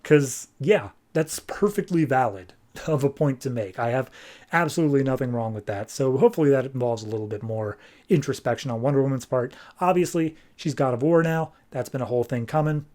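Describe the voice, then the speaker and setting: A man hosting a podcast, casually reviewing a comic book in an animated, chatty way with filler words. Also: medium pitch, fairly quick. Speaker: podcast host.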